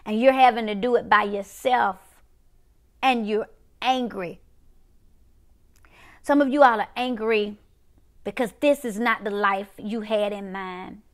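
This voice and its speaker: A woman's voice: medium pitch, fairly even intonation, measured pace, pauses often. A middle-aged woman preacher delivering a prophetic sermon, repeating short phrases in a rhythmic call-and-response cadence.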